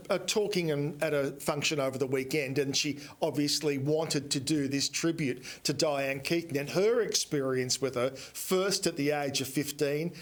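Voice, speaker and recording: A man who is an entertainment editor, chatting enthusiastically on a morning TV entertainment segment. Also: a little high.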